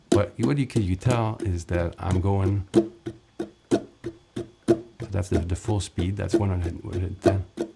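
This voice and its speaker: Gravelly man counting beats over ukulele. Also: low-pitched, moderate pace, long pauses, over loud music. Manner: counts beats aloud while strumming, relaxed and chatty. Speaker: ukulele teacher. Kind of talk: casual music lesson with counting along. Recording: ukulele playing loudly under the voice.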